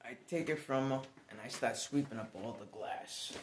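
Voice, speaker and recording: Guy rambling thru a story, chatty, mid pitch, laughs now and then. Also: moderate pace, slight background noise. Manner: rambling, conversational, restarts, chuckles. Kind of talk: casual storytelling.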